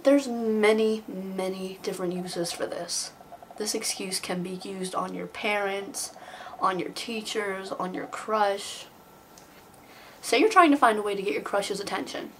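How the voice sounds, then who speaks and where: A woman's voice: mid-range voice, a little slow, fairly bright tone, a little hiss or hum, low-quality recording. A young woman making a comedic vlog, playfully telling stories and acting out silly excuses. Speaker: vlogger.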